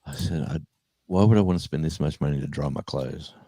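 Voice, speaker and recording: A man's voice: rumbling low, fairly quick, dry recording, studio quality. A man hosting a live stream, telling long rambling stories in a casual, chatty way. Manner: rambling storyteller, chatty and animated. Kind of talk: casual chat.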